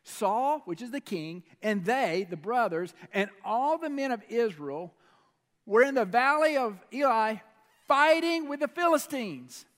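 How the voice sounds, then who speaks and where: Male preacher, high voice, animated storytelling, echoey hall. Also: measured pace. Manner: animated storytelling, asks the audience questions, swings pace and volume. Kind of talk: sermon.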